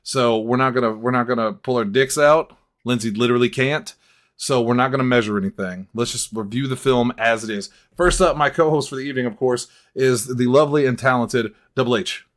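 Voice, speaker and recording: A man hosts a casual movie-review podcast with energy and a steady stream of jokes. He laughs often and keeps the talk loose and comedic, at a mid pitch. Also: fairly quick. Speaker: podcast host.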